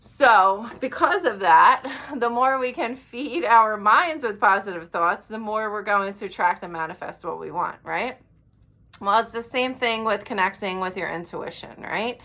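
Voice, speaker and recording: A woman's voice: mid-range voice, bright, forceful tone. A woman life coach giving an earnest talk, checking in with listeners after each point and swearing now and then. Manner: blunt, swears casually. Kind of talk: direct-to-camera coaching talk.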